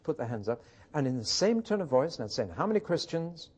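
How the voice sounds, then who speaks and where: Talking fast with big pitch swings, this man leads a Bible study in a medium-pitched voice that's darkish and slightly rough. He's emphatic, building points with rhetorical questions and personal stories in a teaching style laced with anecdotes.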